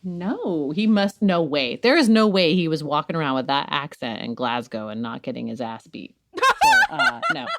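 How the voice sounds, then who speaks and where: A woman's voice: low voice, expressive, normal speed, hardly any pauses, a little hiss or hum. A woman podcast co-host doing a casual, joking host-read ad and laughing often.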